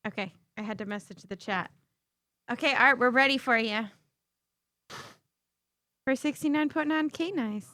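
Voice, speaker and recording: A woman's voice: sits high, normal speed, long pauses, sharp tone, no echo. A woman co-hosting a podcast in casual chat, throwing in wry, teasing one-liners. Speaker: podcast co-host.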